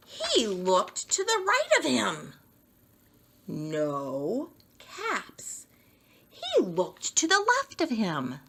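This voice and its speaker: A woman reading a children's picture book aloud with a very expressive, sing-song delivery. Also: medium pitch, extremely slow, vocal fry, a little hiss or hum. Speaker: storyteller. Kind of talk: children's story read-aloud.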